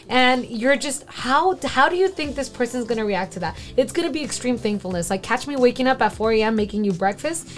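A woman's voice: on the high side, animated. A woman co-hosting a casual faith discussion, chatty and full of "like", apologizing for talking too much. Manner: chatty, fast, lots of "like", self-deprecating. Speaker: co-host.

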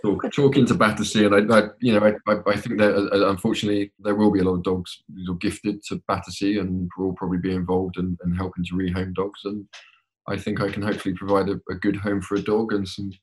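A man's voice: low-pitched, level tone, quick pace. A man from England, a podcast guest, chatting casually and hesitantly with many repeated words. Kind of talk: casual chat.

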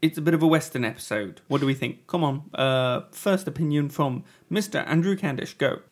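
A man's voice: on the high side, fairly quick. A man hosting a podcast, joking and punning in a mock-grand way. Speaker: podcast host. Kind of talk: jokey podcast banter.

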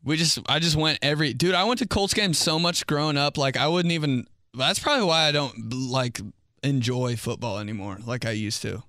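A man's voice: on the high side, brisk, sharp tone, no room sound. A young man from Indiana, a podcast host riffing comedically on his own in a small studio and rambling with many fillers.

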